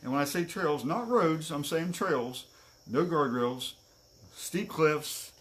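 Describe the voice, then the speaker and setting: A man's voice: a little high, expressive, slow pace, a little hiss or hum. Earnest man telling a story. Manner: candid, earnest, self-deprecating. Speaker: co-host. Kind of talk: casual storytelling on a live stream.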